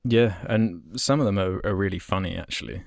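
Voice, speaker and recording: Deep-voiced man talking films, hesitant. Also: vocal fry, a little mellow, no echo, studio quality. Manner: measured, hesitant, many fillers. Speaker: podcast co-host. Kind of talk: casual film discussion.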